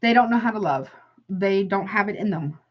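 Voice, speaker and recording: A woman's voice: mid-range voice, fairly quick, slightly rough, highs cut off. Blunt, emphatic woman tarot reader. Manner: emphatic, blunt, exclaiming, lots of "no" and "honey". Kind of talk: casual tarot reading to camera.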